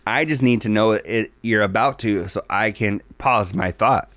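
A man's voice: on the low side, normal speed, a bit bright, dry recording. A man co-hosting a podcast in casual chat, loose and profane, rambling with lots of fillers. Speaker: podcast co-host.

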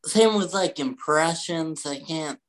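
A relaxed man in his thirties co-hosts a podcast, mostly chiming in with brief agreeing replies during the casual chat. His voice is on the high side and his pace slow.

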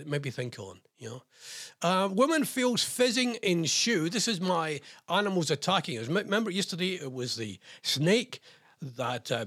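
A man's voice: mid-range voice, a bit bright, breathy edge, no room sound, clean studio sound. A man with a British accent hosting a radio show, chatting casually, reading listener messages and odd news stories with rambling, jokey asides. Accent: British English. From England.

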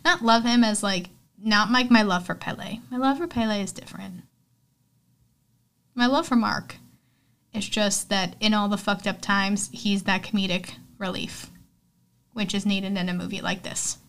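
A woman hosting a podcast recaps a movie in a rambling, casual way, leaning heavily on "like" and swearing freely. Her voice is mid-range and a bit bright, at a normal speed.

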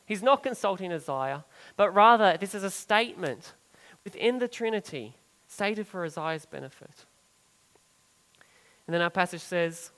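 A man preaching a sermon as pastor, earnest, building up for emphasis and then dropping soft and low on key phrases. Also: in a large hall, low-quality recording.

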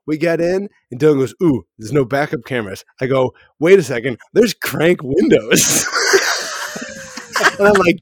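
A man's voice: on the high side, animated, moderate pace, husky, no echo, studio quality. A man co-hosting a podcast, telling a rambling story in casual chat, laughing and restarting often. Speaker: podcast co-host.

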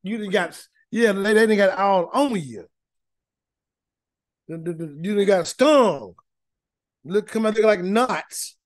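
High-voiced man teaching scripture folksily. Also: expressive, slow, pauses often, no echo. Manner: folksy, emphatic preaching with many repeated words. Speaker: Bible teacher. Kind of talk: informal Bible study teaching.

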